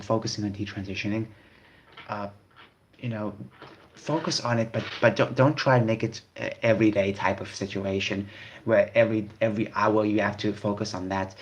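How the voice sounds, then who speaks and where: A man hosting a casual video, commenting on online posts in a rambling way that repeats phrases. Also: lowish voice. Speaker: video host.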